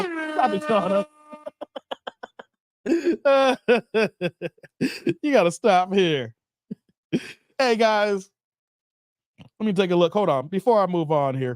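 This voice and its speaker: A man's voice: high-pitched, dry recording, clean studio sound. A man hosting a livestream, reading chat comments aloud in casual slangy banter and laughing often.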